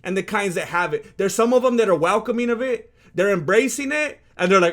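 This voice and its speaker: A man with a very high voice talks over footage as a reaction host. He is slangy and rhetorical and keeps firing questions at the listener. He drops into low, muttered asides and then jumps up into loud outbursts. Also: lively intonation, brisk, few pauses. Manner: slangy and rhetorical, calls people "fool".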